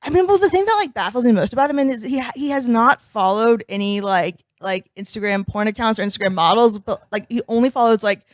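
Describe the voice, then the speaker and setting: A woman's voice: a little high, fast, hardly any pauses, no room sound. A woman co-hosting a podcast, telling stories in a rambling, casual way. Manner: rambling, heavy use of "like" fillers. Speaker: podcast co-host. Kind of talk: casual comedic chat.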